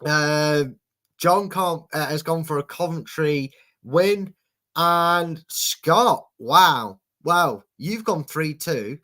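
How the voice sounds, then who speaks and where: A man hosts a relaxed football prediction show. His voice sits a little high, and he talks in a chatty, teasing way while reading out viewers' score picks. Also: drawn-out words. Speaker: host. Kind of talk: casual football prediction chat.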